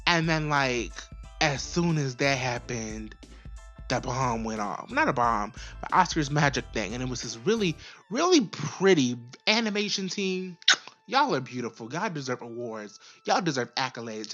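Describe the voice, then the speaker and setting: A woman's voice: very deep voice, sing-song, a little slow, a bit bright, soft background music. A young woman casually reviewing an episode, chatty and profane, with many fillers and repeats. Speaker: video reviewer. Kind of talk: casual recap and commentary.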